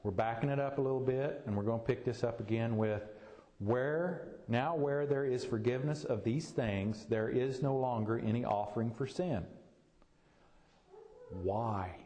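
A man's voice: medium pitch, moderate pace, mellow. A middle-aged man preaching a sermon in a folksy, explaining way, using homely examples, recorded in a church hall. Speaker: pastor. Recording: echoey hall, voice from a distance.

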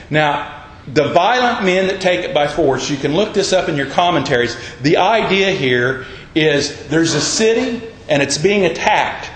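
A man's voice: fairly high pitch, reverberant, low-quality recording. A man pastor preaching a sermon, putting rhetorical questions to his congregation in a church.

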